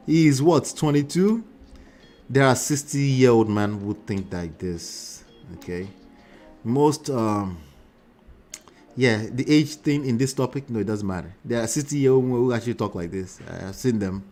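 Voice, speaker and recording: A man's voice: medium pitch, measured pace, a little mellow. A man hosting a live reaction show, talking animatedly to his chat, often mocking and laughing.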